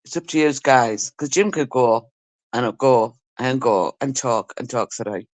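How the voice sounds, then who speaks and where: A woman's voice: very deep voice, unhurried, a little mellow. A middle-aged woman from Britain hosting a live stream, telling stories in casual chat and mimicking the people in them. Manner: chatty and storytelling, mimicking people she talks about.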